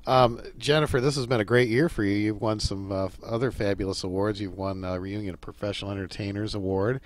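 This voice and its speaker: A man's voice: fairly low pitch, fairly even intonation, a little fast. A man hosting a radio interview, easygoing, answering with brief affirmations.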